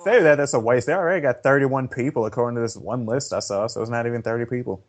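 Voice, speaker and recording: A man co-hosting a casual podcast, trading quick, reactive banter. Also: medium pitch. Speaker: podcast co-host.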